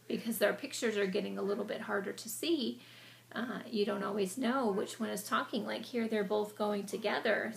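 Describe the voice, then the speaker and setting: A woman teacher reading a storybook aloud to children, pausing to explain it in a patient, explanatory manner. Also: mid-range voice, gravelly.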